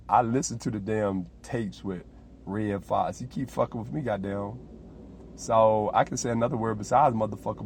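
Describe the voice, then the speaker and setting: A man with a low, gravelly voice hosts a solo podcast as a rambling comedic monologue. His storytelling is animated and full of swearing. A faint hiss sits under the recording. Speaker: host.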